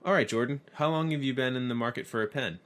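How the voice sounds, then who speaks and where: A man's voice: mid-range voice, fast, fairly bright tone, voice pushed up, natural voice. A man voicing a confident veteran male salesman, breezy and brash.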